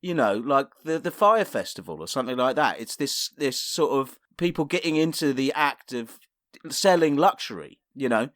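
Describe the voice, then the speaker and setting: A man co-hosting a comedy podcast, reacting and joking in a crude, quick way. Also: mid-range voice, animated, a bit bright, no room sound, studio quality. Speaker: podcast co-host. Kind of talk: casual comedy chat.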